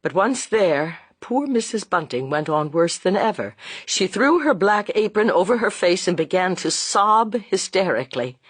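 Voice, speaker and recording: Expressive audiobook narrator, husky and dry. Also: mid-range voice, normal speed, hardly any pauses, dry recording. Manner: dramatic, expressive reading. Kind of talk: scripted narration of a classic novel.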